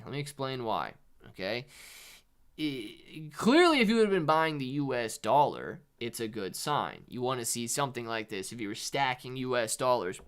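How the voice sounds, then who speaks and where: A man's voice: mid-range voice, fairly bright tone, smooth. A man hosting a casual livestream about markets, chatty, calling viewers dude and man. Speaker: livestream host. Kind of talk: casual live market commentary.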